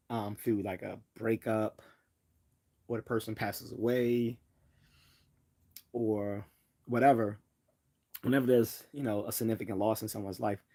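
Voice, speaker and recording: Hesitant American man, low voice. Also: warm tone. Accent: General American. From Northeastern United States. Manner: hesitant, many restarts and fillers. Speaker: livestream host. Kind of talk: casual livestream chat.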